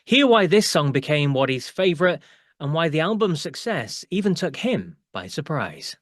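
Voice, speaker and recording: A man hosting an interview show, reading a scripted introduction in a measured, polished way. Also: fairly high pitch, sing-song, dry recording, studio quality. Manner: measured, polished voice-over delivery.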